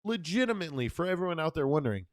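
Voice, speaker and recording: A young man co-hosting a casual podcast, telling a story in a profane, animated way. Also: fairly high pitch, very fast, no echo, clean studio sound. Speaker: podcast co-host.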